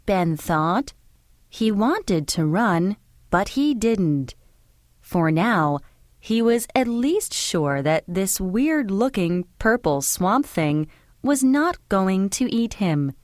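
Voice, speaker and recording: Slow, expressive woman reading a kids' story. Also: mid-range voice, no room sound, clean studio sound. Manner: clear, expressive, unhurried. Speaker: narrator.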